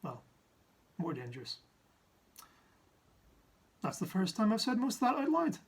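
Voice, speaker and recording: A man from Ireland telling a comic science story in a jokey way, with sudden asides and pitch jumps for effect. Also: big pitch swings, fast, gravelly. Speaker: science comedian.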